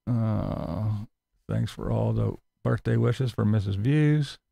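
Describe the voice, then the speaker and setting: This YouTube commentary host has a fairly low, slow, creaky voice that sounds mellow yet slightly rough, captured in a dry recording. Reading his live chat, he rants with sarcasm and mockery, curses liberally, and laughs a lot while answering viewers.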